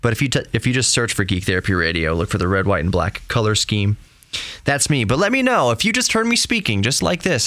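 A man's voice: medium pitch, sing-song, fairly quick, sharp tone, no room sound. A man from Texas hosting his own tech podcast, talking loosely and rambling in a chatty, self-deprecating way. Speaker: podcast host. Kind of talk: casual solo podcast monologue.

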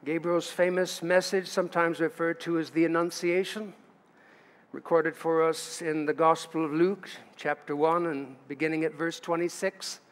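A man's voice: on the high side, flat delivery, moderate pace. A man preaching a sermon as pastor, in a chatty way with asides to the congregation. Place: church sanctuary. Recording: church livestream with long hall reverb.

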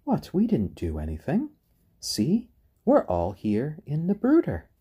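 A man squeaking as guilty baby chicks. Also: wildly swooping pitch, unhurried, mellow, breathy edge, dull audio, heavily acted. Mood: feigned innocence. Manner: high, squeaky, playfully defensive. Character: innocent little chicks feigning innocence.

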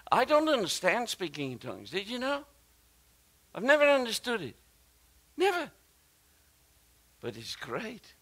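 A man preaching a sermon, emphatic and animated, repeating himself and often restarting phrases as he speaks directly to the congregation. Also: high-pitched. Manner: animated and emphatic, with frequent repetition and halting restarts; talks directly to the congregation with asides and questions.

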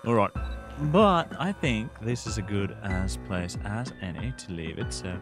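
Gaming host, male, jokey banter, lowish voice, casual commentary. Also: moderate pace, over music. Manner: jokey, banters, mock slang asides. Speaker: gaming YouTuber. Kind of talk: joking gameplay commentary.

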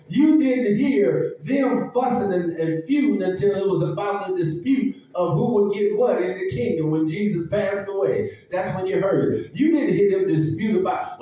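A man with a high voice and a dark, mellow tone preaches to his congregation in an emphatic, folksy way. He is heard from some distance in a very echoey church sanctuary. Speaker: pastor. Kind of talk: sermon.

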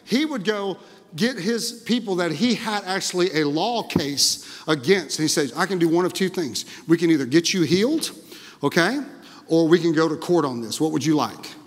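High-voiced preacher in a hall. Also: male voice, normal speed. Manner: energetic, exclaiming, frequent "Amen?" to the congregation. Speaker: pastor. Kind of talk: sermon. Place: church sanctuary. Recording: long reverb of a large hall.

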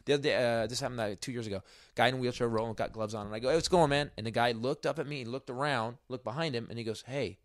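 A man's voice: medium pitch, fairly even intonation, very fast, dry recording, studio quality. A middle-aged man, a guest comedian, telling a story on a podcast in a rambling way, full of restarts. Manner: rambling, self-interrupting, many restarts. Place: podcast studio.

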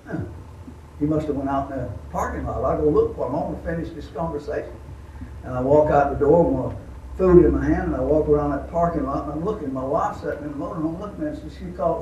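A man's voice: fairly high pitch, fast talker, a little mellow, slight background noise. An older man preaching a sermon, telling a story in a folksy, drawling way. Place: camp meeting hall. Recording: echoey, distant, dull camp room recording.

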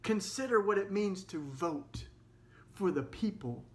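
A man's voice: high voice, animated, a little slow. A man giving an impassioned, sermon-like talk, earnest, with frequent "uh" fillers and restarts. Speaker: faith activist speaker. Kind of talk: earnest preaching-style talk.

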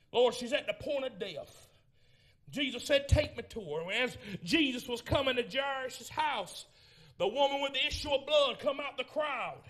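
A man preaching a Pentecostal sermon in a church, swinging from shouted lines to low murmurs as he tells the story. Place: church sanctuary.

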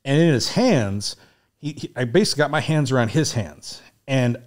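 A man's voice: mid-range voice, moderate pace. A middle-aged man, a military veteran from the United States, telling combat stories in a casual, profane way and often breaking into laughter. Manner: animated, profane war storytelling, laughing often. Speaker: guest, Navy SEAL veteran. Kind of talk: casual storytelling.

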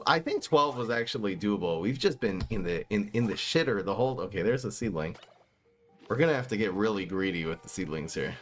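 Animated male gaming streamer. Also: medium pitch. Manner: animated, swings between muttering and exasperated outbursts. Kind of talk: casual gameplay commentary.

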